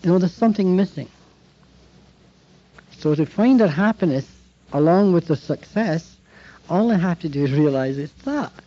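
Mellow-voiced man telling stories. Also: on the high side, normal speed, pauses often. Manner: animated anecdotal storytelling, acts out quoted dialogue. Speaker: speaker addressing therapists. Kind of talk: storytelling lecture. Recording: dull lo-fi recording.

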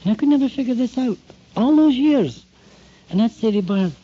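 A man giving a talk to therapists, telling anecdotes in an animated way and acting out bits of dialogue. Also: high-pitched, a little fast, slightly rough. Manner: animated anecdotal storytelling, acts out quoted dialogue. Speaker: speaker addressing therapists. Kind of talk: storytelling lecture. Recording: dull lo-fi recording.

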